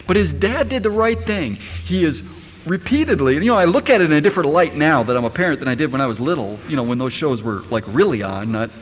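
A man's voice: on the high side, expressive, quick pace. Preacher guy, middle-aged, asking the congregation questions, faint room hum behind. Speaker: pastor. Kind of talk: sermon. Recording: echoey hall, faint ambience.

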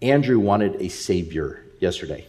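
Pastor in his thirties, low voice, animated storyteller full of ums and restarts. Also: normal speed. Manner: animated, rambling anecdote with many fillers. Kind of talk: sermon with personal storytelling.

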